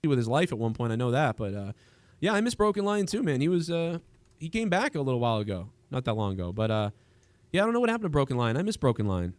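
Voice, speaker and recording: Fast, rambling man hosting a stream. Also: medium pitch, big pitch swings, no echo. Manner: rambling, with frequent restarts and trailing thoughts. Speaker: livestream host. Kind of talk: casual political chat.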